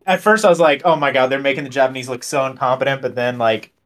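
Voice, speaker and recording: A man's voice: medium pitch, fast, fairly bright tone. A man co-hosting a podcast in casual chat, rambling with many fillers. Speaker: podcast co-host.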